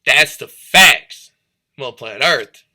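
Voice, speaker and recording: Bright-voiced man rambling slowly. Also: medium pitch, lively intonation. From St. Louis, Missouri. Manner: rambling, profane, freestyle rhyming, drifting between topics. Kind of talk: rambling stream-of-consciousness monologue.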